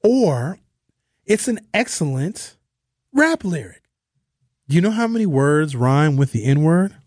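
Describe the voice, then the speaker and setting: A man's voice: fairly high pitch, sing-song, takes it slowly, darkish tone, dry recording. A man hosting a casual talk radio show from a studio, joking and offhand. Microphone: studio mic.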